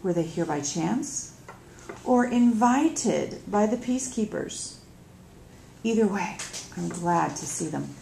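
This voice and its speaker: Woman reader, gravelly voice, echoey room with faint hiss. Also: mid-range voice, expressive, dark tone. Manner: slow, measured reading. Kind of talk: reading a novel aloud.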